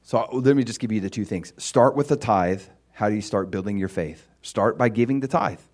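A man's voice: on the low side, moderate pace, a little mellow. A male pastor preaching a sermon in a conversational, storytelling way.

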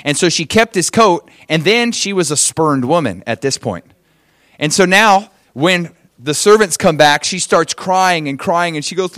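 A man preaching a sermon, telling a story in an animated way and acting out the quotes. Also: fairly high pitch, normal speed, dry recording, studio quality. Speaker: pastor.

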